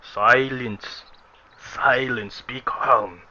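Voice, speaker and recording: A man voicing a calm, solemn young village priest with a put-on Romanian accent, speaking slowly. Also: mid-range voice, slight background noise, exaggerated voice. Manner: slow, deliberate commands. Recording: lo-fi recording.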